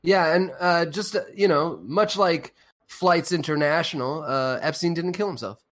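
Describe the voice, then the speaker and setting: Male podcast host, slightly high voice, rambling, profane, filler-heavy casual chat. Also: normal speed, fairly bright tone.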